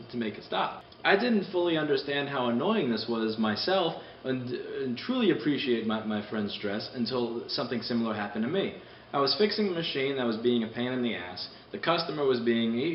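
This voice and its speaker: A man casually ranting on a vlog, animated, rambling and profane, heard from a distance. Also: mid-range voice, a little hiss or hum. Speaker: repair shop owner vlogging. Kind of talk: casual spoken rant. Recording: distant mic in a roomy space, dull sound.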